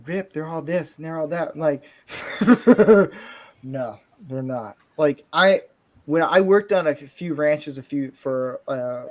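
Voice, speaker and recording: A man chatting casually on a stream, rambling and joking, often cutting himself off mid-sentence. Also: medium pitch. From southern Florida. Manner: rambling, joking, self-interrupting. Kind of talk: casual chat. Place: California home.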